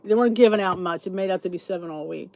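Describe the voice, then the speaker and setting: With a low, warm voice marked by vocal fry, a middle-aged podcast host talks rapid-fire on a recording with no echo. She's sleepy and yawning, rambling and thinking aloud as she reads out and answers live comments.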